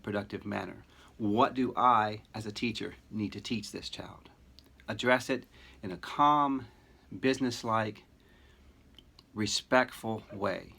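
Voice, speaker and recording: A man in middle age delivers a teaching lecture in a measured, low-pitched voice. He moves at a slow, deliberate pace, leaning on key words with earnest emphasis. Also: vocal fry, pushed and bright. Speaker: teacher educator. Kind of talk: recorded lecture narration.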